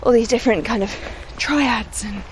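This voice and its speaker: A young woman from the West Midlands, a singer-songwriter, talks modestly in a slightly high voice and laughs easily. She is recorded outdoors on a country walk. Faint traffic hum and outdoor air sit behind her. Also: moderate pace. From West Midlands, England. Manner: chatty and modest, laughs often. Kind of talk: casual outdoor interview on a walk. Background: faint outdoor ambience and distant vehicles.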